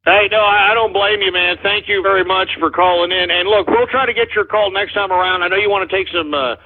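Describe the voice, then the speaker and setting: Man, Texan accent, call-in host, brash, combative, husky, tinny phone-like audio. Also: high voice, steady tone, brisk. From Texas. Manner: brash, combative, shouts back at callers. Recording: muffled, phone-like radio stream.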